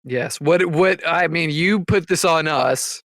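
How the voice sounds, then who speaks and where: A man's voice: on the high side, slow pace, a bit bright, no room sound, studio quality. A man on a comedy podcast throwing in blunt, laughing interjections. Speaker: podcast co-host. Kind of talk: crude comedic banter.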